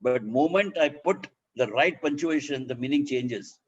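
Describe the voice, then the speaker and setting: Husky Indian man coaching public speaking. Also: mid-range voice, lively intonation, measured pace, hardly any pauses, lo-fi sound. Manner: demonstrative, illustrates points by voicing example sentences. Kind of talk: instructional talk.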